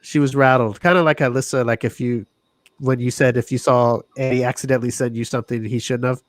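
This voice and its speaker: A man's voice: mid-range voice, steady tone, fairly quick, dry recording, clean studio sound. A man hosting a casual podcast chat, rambling, restarting his words and laughing often. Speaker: podcast host.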